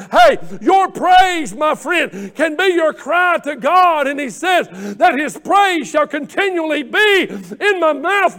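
A man with a very high voice preaching a fervent sermon. He moves from hushed, tender pleading to loud shouts, doubling back on words as the feeling builds. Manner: impassioned preaching, swings from quiet to shouting; repeats words and restarts phrases. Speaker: pastor.

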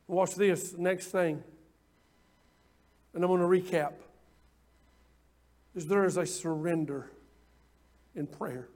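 A man preaching a sermon, impassioned and repetitive at times, then dropping into quiet asides. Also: high voice, steady tone, slow, pauses often. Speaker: pastor.

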